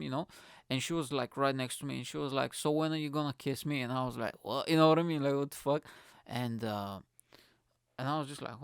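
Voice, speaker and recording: A man's voice: mid-range voice, vocal fry, clean tone, no room sound, studio quality. A young man who hosts a podcast, telling a story in a casual ranting way, swearing a lot and laughing at himself. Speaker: podcast host.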